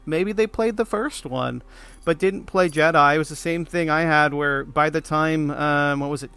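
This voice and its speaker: A man's voice: a little high, a little slow, a bit bright, clean tone, soft background music. A man guesting on a gaming podcast, talking casually with many ums and a wry edge.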